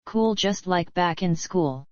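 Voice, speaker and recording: A woman narrates her own novel in a blunt, profane, rambling first-person voice. Her voice is low and smooth. The recording is dry and slightly dull, with no room sound. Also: expressive, takes it slowly, no room sound. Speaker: audiobook reader and author.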